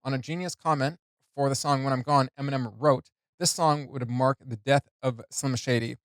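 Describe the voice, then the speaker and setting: A reaction video host explains rap lyrics in casual, unscripted commentary, chuckling often and stumbling through plenty of fillers in a loose, easygoing manner. His voice is an ordinary middle pitch with fairly even intonation and a moderate pace. The recording is close and dry, with no room echo.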